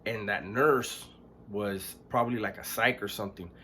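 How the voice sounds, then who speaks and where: Man, lowish voice, halting blunt storyteller, faint noise under the track. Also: pushed and bright. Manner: low-key, halting, frequent restarts and throat clearing; blunt, swears freely. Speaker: storyteller recounting his past. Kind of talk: casual spoken storytelling.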